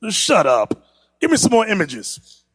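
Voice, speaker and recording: A man teaching a class from pictures, animated and teasing, who laughs often and talks straight to the room. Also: high voice, measured pace, breathy edge, no room sound, clean studio sound. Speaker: class instructor. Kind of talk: lively classroom lecture with pictures.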